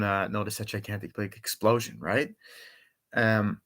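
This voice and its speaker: A man's voice: lowish voice, steady tone, a little slow, bright, forceful tone. A young man casually reviewing a movie, rambling with many fillers and swear words as he eagerly retells scenes. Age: young adult.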